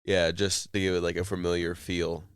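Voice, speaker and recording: Male co-host, deep and smooth, chatty recap, dry close sound. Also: flat delivery, normal speed, no echo. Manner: rambling retelling with fillers and laughs. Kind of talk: casual chat.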